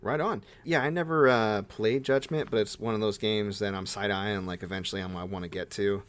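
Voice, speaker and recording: Young male podcast co-host, low voice, excitable and gushing. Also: fairly quick. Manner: excitable, gushing, breaks into high-pitched bursts. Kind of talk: casual chat.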